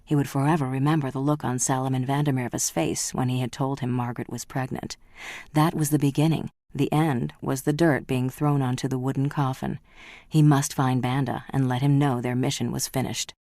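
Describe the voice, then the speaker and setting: A woman narrating a novel audiobook in a measured, even storytelling manner. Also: rumbling low, no echo, studio quality.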